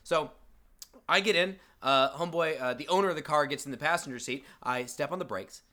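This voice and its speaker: A man casually telling a story to friends on a podcast, loud and animated, swearing freely. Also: a little high, fairly quick. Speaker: podcast co-host.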